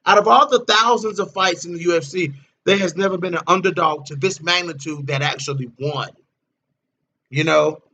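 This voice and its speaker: Brash, bright-voiced man ranting. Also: fairly high pitch, slight background noise. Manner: blunt, profane, repeats himself. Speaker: livestream host. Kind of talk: casual livestream commentary.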